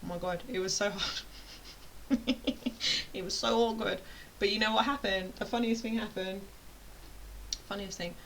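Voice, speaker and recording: A woman's voice: mid-range voice, fairly even intonation, unhurried, pauses often, fairly bright tone, rough recording. British woman, online course tutor; rambling, playful, self-interrupting delivery with faint hiss behind her. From United Kingdom. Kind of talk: casual chatty explainer.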